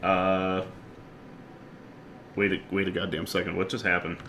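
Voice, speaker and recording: A man streaming a card game live, chatting excitedly, laughing often and swinging from loud outbursts to quiet muttering. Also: low voice, unhurried, a little hiss or hum. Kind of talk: live gameplay commentary.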